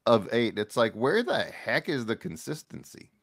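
A man's voice: medium pitch, moderate pace. A man appearing as a sports writer guest, talking casually and trading jokes with the host. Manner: lively, joking banter.

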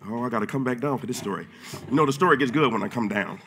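A man preaching a sermon in church with a bright, forceful voice. He talks in a casual, slangy way. He drops to low murmurs and then builds to loud shouting. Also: rapid-fire. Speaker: pastor.

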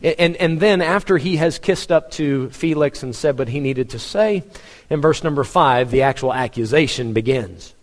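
A man's voice: fairly high pitch, moderate pace, in a large hall. A man preaching a sermon as pastor, in a conversational way with dry humor. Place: church.

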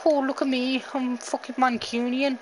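A man putting on a squeaky mock-tough braggart. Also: level tone, a little hiss or hum, rough recording. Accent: Liverpool. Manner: mocking, sweary, drawn-out. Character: boastful mock-tough man who is secretly soft.

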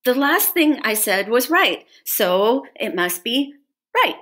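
A woman voicing an eager, naive young male bunny in a children's story, speaking in a raised, bright voice. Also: high voice, sing-song, moderate pace, pitched above the performer's own voice. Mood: pondering.

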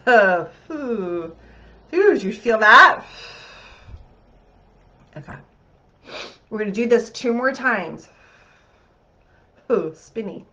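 A woman's voice: a little high, very animated, slow, pauses often, bright, forceful tone, lo-fi sound. A woman hosting a healing masterclass. She talks the group through an exercise in an upbeat, chatty way and often checks in with "okay?".

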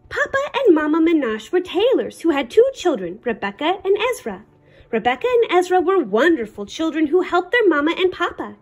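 A woman librarian reading a children's picture book aloud in an expressive, sing-song way. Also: sits high, moderate pace, dull audio, soft background music. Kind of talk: storybook read-aloud.

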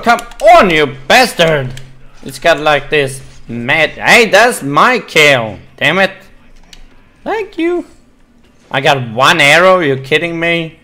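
A man hosting a gaming video, excitably commentating his play with frequent swearing and exclamations. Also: a little high. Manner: excitable, swearing, exclaiming and laughing while playing. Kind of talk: casual let's-play commentary.

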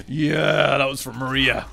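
An Irish man commentating as he plays a shooter game, excitable and swearing freely, often yelling at enemies. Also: mid-range voice, creaky, slight background noise. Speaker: streamer. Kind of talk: gameplay commentary.

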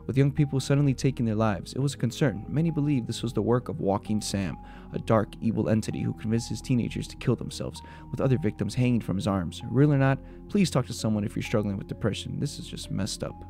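Fast-talking gravelly man telling urban legends. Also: lowish voice. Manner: quick, mixes spooky retelling with joking asides. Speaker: video host. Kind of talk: reading urban legends and reacting. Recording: soft music behind the voice.

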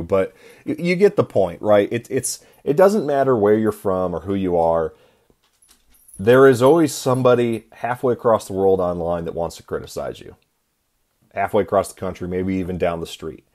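A man's voice: fairly low pitch, lively intonation, normal speed, a little mellow. A man hosting a solo podcast, talking in an earnest, preachy way and often restarting his words. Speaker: podcast host.

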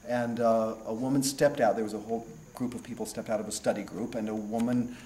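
A man's voice: lowish voice, steady tone, warm tone. American man telling stories in an echoey room. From California. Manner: unhurried, with frequent restarts and trailing off. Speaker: stage actor being interviewed. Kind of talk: reflective storytelling interview. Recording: roomy echo, faint background noise.

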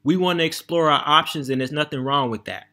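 A man's voice: a little high, brisk, sharp tone. An American man vlogging about travel and money in an emphatic, conversational monologue, often checking in with his listeners. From United States. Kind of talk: casual monologue to camera.

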